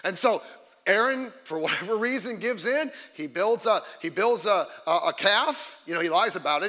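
Fiery high-voiced preacher in an echoing church. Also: male voice, expressive, moderate pace, sharp tone. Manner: fiery, emphatic preaching with frequent asides. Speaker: pastor. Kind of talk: sermon.

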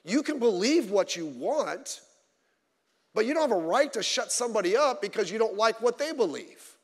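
A male pastor preaching a sermon, swinging between loud emphatic lines and low quiet asides, telling stories with humor. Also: expressive, moderate pace, in a large hall. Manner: informal storytelling with humor. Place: church.

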